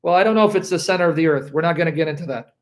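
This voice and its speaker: A man with a high voice preaches with fervent energy, his delivery swinging between loud bursts and hushed moments. He teaches Scripture straight to his viewers and keeps checking in with them as he goes. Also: racing. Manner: talks straight to viewers with frequent check-ins. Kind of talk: impassioned Bible teaching to a live audience.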